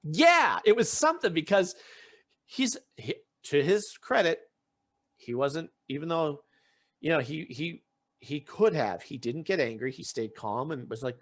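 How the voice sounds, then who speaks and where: Unhurried and fairly high-pitched, a male podcast host swings widely in pitch while telling a story in relaxed chat. He voices the quotes as he goes and frequently restarts what he's saying.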